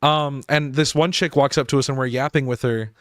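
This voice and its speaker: A man's voice: mid-range voice, steady tone, a little fast, fairly bright tone, no echo, clean studio sound. Rambling young man streamer. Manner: rambling, filler-heavy, laughs often. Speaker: game streamer. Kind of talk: casual live-stream chat.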